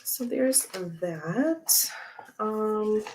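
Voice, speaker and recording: A woman's voice: mid-range voice, animated, extremely slow, heavy background noise. A woman hosting a tarot livestream, chatting casually and rambling with frequent laughs while she handles cards.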